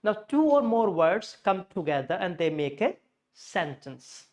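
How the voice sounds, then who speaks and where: A man's voice: high voice, sing-song, measured pace. Man methodically teaching English pronunciation. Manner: methodical, explains step by step. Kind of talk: spoken lesson.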